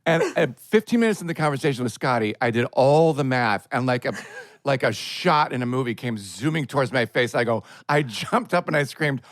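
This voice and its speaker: Casting: animated man telling stories on a podcast, dry close sound. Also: mid-range voice, brisk, no echo. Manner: animated, acts out quoted voices. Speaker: podcast co-host. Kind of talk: casual storytelling chat.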